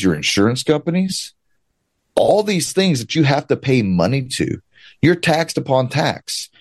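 A man's voice: medium pitch, darkish tone, dry recording. A man giving political commentary, talking emphatically with a sarcastic, ranting edge. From United States. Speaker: guest commentator.

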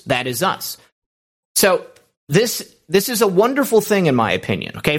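A man hosts a political commentary show, speaking emphatically and driving each point home with a clipped "okay." His voice sits a bit higher than most men's. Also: fairly bright tone. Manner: emphatic, repeats "okay" and "all right".

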